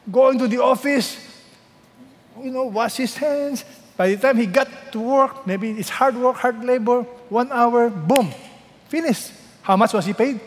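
A man with a Filipino accent preaching a sermon, animated and quizzing his congregation, playing out the voices of the people in the story. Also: high-pitched, a little slow, in a large hall. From Philippines. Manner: animated, asks the congregation questions and acts out voices. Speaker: pastor.

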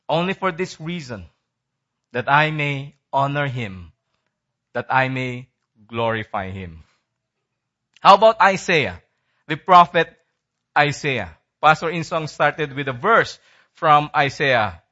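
Male preacher, high bright voice, emphatic and repetitive, dull lo-fi recording. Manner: emphatic, repeating key phrases, dropping low at line ends. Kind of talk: sermon.

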